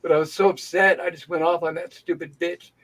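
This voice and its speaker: A high-pitched man hosting an open-mic livestream. He tells his story in an animated, indignant way, venting as he goes, in a loose conversational style. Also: a little fast, rough recording. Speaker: livestream host. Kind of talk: casual storytelling chat. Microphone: home livestream setup.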